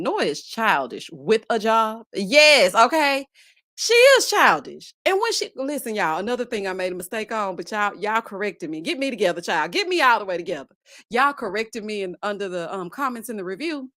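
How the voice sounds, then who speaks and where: A woman hosting a casual reality TV recap, sassy and animated, calling her viewers child and baby and breaking into laughs. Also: dry recording, clean studio sound. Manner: bursts into high laughs. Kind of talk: casual chat.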